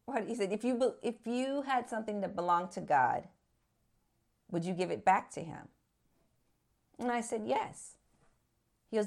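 A woman's voice: medium pitch, lively intonation, normal speed, long pauses, a little mellow. A woman in her fifties telling her faith testimony as a story, acting out the voices in it and growing fervent near the end. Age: 50s. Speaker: speaker giving a testimony.

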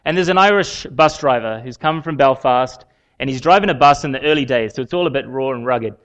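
A man giving a sermon in a conversational way, with frequent pauses and fillers. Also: medium pitch, fairly bright tone, lo-fi sound. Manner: conversational, halting with many fillers. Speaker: preacher.

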